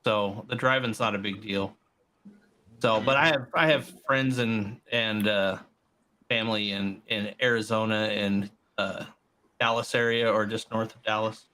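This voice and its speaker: A man's voice: lowish voice, steady tone, a little slow, pushed and bright. A man chatting easygoing in a group call, rambling a bit. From Southern California. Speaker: podcast participant. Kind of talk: casual group chat.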